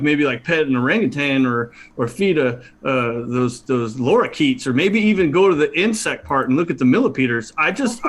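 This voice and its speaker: A man improvising as a timid male zoo visitor who stammers and grows more and more upset. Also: on the high side. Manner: stammering, nervous. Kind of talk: improv comedy scene.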